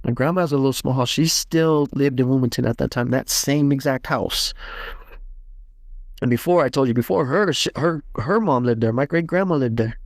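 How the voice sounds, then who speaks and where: Male host, gravelly mid-pitched voice, dry close sound, halting personal testimony with restarts. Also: dry recording. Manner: halting, many restarts and fillers, plain everyday speech. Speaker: podcast host. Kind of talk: personal testimony, casual storytelling.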